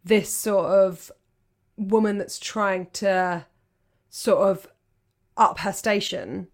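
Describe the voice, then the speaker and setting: A woman's voice: medium pitch, steady tone. Chatty woman co-host. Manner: chatty, easygoing, quick to laugh. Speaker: podcast co-host. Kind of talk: casual chat.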